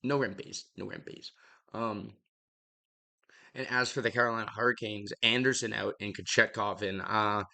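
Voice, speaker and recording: A man's voice: on the low side, steady tone, fairly quick, vocal fry, few pauses, pushed and bright. A young man hosting a podcast, rambling bluntly through casual hockey commentary, out of breath and swearing freely. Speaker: podcast host.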